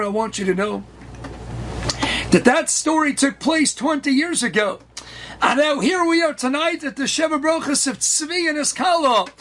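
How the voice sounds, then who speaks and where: Animated high-voiced male storyteller. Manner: animated, emphatic, sprinkled with Hebrew and Yiddish terms. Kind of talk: inspirational story at a wedding celebration.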